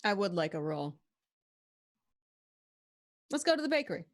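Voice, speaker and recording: A woman's voice: mid-range voice, big pitch swings, moderate pace, no room sound. A woman playing a tabletop game, easygoing and casual. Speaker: player.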